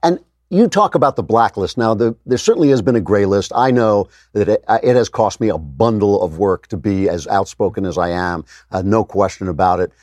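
A middle-aged man interviewing a guest in a political talk, thoughtful and halting, with many fillers. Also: on the low side, expressive, darkish tone, dry recording.

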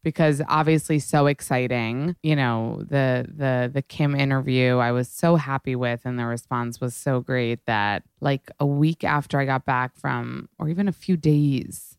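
Gushing young woman with heavy vocal fry. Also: rumbling low, steady tone, no room sound, clean studio sound. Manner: gushing and fast, heavy swearing and "like". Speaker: podcast host. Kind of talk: casual chat.

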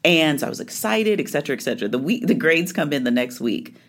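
A middle-aged woman, an interview guest, telling a personal story in conversation with lively, acted-out quotes. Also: deep voice, fast talker. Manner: animated storytelling, acting out quoted lines.

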